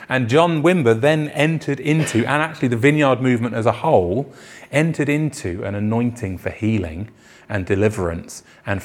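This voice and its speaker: A male pastor preaching a conversational sermon in church, acting out the quoted voices in his stories. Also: fairly low pitch.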